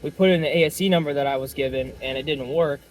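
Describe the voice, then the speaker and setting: A young man who works at an auto shop vlogs while driving on city streets, rambling casually with heavy swearing and lots of fillers. His voice is a little high and he talks fast; the audio is poor, with clear car and road noise.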